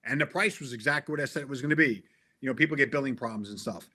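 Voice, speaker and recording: Earnest middle-aged man, bright voice. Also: mid-range voice, rapid-fire. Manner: earnest and emphatic, with frequent restarts. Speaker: interview guest, tech sales veteran. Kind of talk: casual interview conversation.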